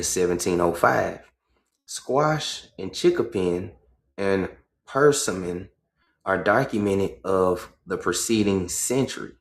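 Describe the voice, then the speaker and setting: Speaking low with some vocal fry, a man reads from a book on his livestream at a slow pace. He keeps stopping to put things in his own words, asking "right?" as he goes, and the audio has a roomy quality.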